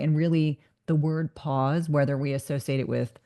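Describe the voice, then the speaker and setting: A woman's voice: deep voice, fairly even intonation, normal speed, mellow. A woman in middle age hosting a podcast interview, talking in an earnest, reflective way and sometimes repeating words as she thinks. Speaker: podcast host. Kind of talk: casual interview conversation.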